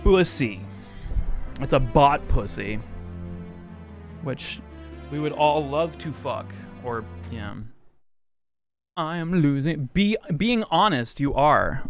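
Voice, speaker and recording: A man live-streaming a game, joking crudely with chat, rambling and suddenly shouting or squealing. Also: medium pitch, animated, slow, pauses often, no echo, soft background music.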